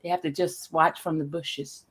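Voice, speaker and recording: A woman hosting a casual live-stream interview, chatty and quick to laugh. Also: sits low, fairly even intonation, fairly bright tone. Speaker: host.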